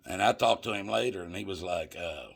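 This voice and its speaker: Gravelly older man spinning a yarn. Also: low-pitched, a little fast. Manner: rambling, profane, addresses listeners as folks. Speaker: storyteller. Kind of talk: casual anecdote told to viewers.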